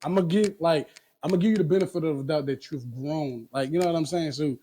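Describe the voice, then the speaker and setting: A man's voice: a little high, fairly quick, mellow, slightly rough. A man speaking emphatically in a casual podcast chat, often asking if you hear him.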